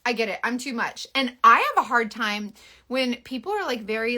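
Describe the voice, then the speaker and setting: Loud bubbly woman with a bright voice. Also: on the high side. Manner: loud, bubbly and animated, fast bursts with laughs. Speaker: beauty seller hosting a live stream. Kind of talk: casual live-stream chat reading comments.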